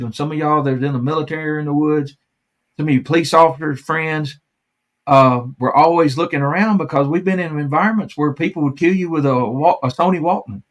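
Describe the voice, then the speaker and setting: A man hosting a live stream, chatting casually, rambling and laughing often. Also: a little high.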